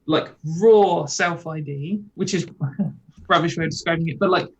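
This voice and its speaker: A woman's voice: on the low side, normal speed, a little mellow, poor audio. A British woman, a guest on a video call, chatting casually in a rambling, wry way full of fillers. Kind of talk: casual chat.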